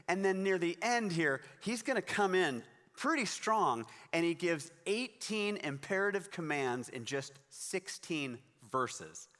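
A man's voice: high voice, lively intonation, a little slow, fairly bright tone, big-room sound. A man preaching a sermon in a conversational, encouraging way, reading scripture and explaining it. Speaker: pastor.

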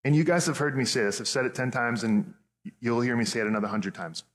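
A man's voice: medium pitch, fast talker. A man in his thirties preaching a sermon as pastor, earnest and conversational, often restarting his phrases. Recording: echoey hall with long reverb.

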